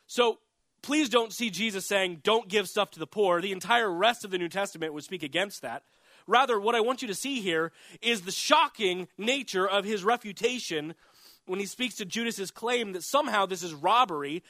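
A man's voice: lively intonation, moderate pace, pushed and bright, dry recording. A man in his thirties preaching a sermon as a pastor, earnest and building in emphasis as he makes his points. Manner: earnest, rises in pitch and volume for emphasis.

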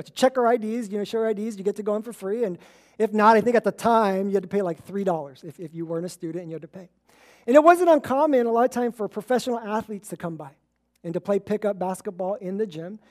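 A woman preaching a relaxed, conversational sermon, telling stories and chuckling as she acts out the people in them. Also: mid-range voice. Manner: storytelling, acts out quoted voices, chuckles.

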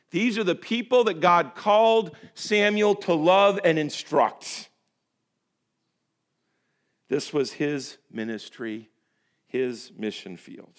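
Male pastor, sermon delivery, folksy and direct, big swings between loud emphasis and hushed, drawn-out phrasing. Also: medium pitch. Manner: folksy, addresses listeners as folks.

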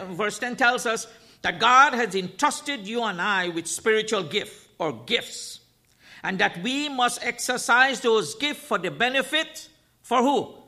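Forceful, high and bright, the male guest preacher's voice carries an emphatic sermon. He presses his points by repeating phrases and firing rhetorical questions at the people in the pews.

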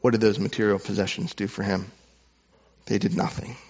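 A man preaching a sermon as pastor, earnest, moving between hushed, tender passages and fervent ones. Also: fairly low pitch, level tone, a little fast, dull audio.

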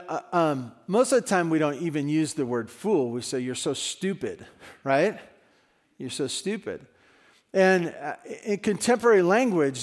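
A man preaching a sermon in a conversational way, his voice rising and dropping in level. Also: medium pitch. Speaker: pastor.

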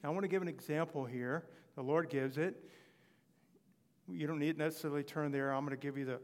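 A man preaching a sermon, retelling scripture stories with animated delivery and voicing the people he quotes. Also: a little high, a little fast, long reverb tail.

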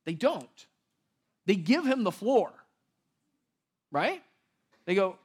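A male pastor preaching in a loose, conversational way, often slipping into voices for the people in the story. His voice sits high and swings widely in pitch. He sounds lively and talks like a friend rather than from a script. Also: slow, slightly rough. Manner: animated, conversational, acts out voices in quotes. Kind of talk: casual sermon.

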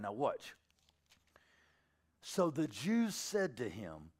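A man preaching an animated, joking sermon in colloquial talk, acting out the scripture scenes. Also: medium pitch, very slow, long pauses. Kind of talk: sermon with comic retelling.

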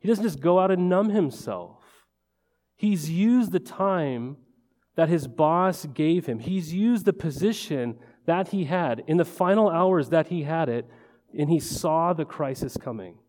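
A man's voice: fairly high pitch, lively intonation, a little slow, a little mellow. A male pastor preaching a conversational sermon, often tossing rhetorical questions and "right?" to the congregation. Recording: long reverb of a large hall.

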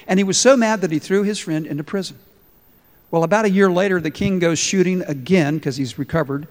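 A man's voice: high voice, fairly quick. Emphatic preacher man with echoing reverb. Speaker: pastor. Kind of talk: sermon.

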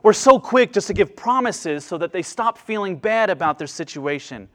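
A man preaching a sermon to a congregation in an earnest way, rising to emphatic lines and dropping to hushed, quieter asides. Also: expressive, normal speed. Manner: earnest, swings between emphatic rises and hushed low asides. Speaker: pastor.

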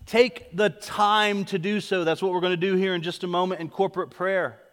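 A man's voice: high-pitched, steady tone, moderate pace. A man preaching a sermon as pastor, driving his points home with repeated questions and calls to come forward. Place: church sanctuary. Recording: echoey hall.

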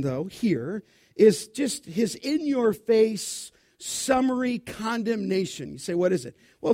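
A pastor preaching an expository sermon, emphatic, posing rhetorical questions and answering them himself. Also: male voice, high-pitched, darkish tone. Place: church.

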